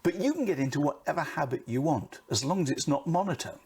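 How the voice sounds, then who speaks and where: A middle-aged British man coaching on camera presence, talking in an animated way and swinging his pitch and volume for emphasis. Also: quick pace, breathy edge.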